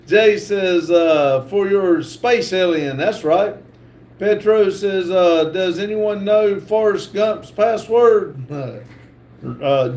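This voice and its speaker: High-voiced man reading live chat. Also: darkish tone. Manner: halting, stumbles over words while reading aloud. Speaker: livestream host reading chat.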